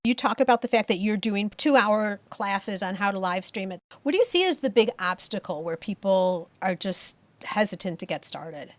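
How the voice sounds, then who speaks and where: A woman's voice: medium pitch, animated, normal speed, few pauses, no echo. A woman hosting a podcast interview, asking friendly, encouraging questions. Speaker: podcast host.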